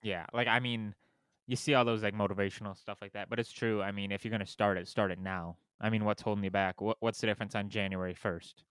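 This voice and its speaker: Smooth-voiced young man hosting casually. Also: lowish voice, fairly even intonation, quick pace, a bit bright, no echo. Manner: rambling, lots of "like". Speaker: podcast host. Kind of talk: casual chat.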